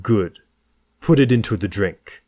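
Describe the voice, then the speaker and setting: A man voicing an intense French stranger with a French accent, speaking in a slow, commanding, insistent way. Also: fairly low pitch, animated, darkish tone, dry recording, studio quality.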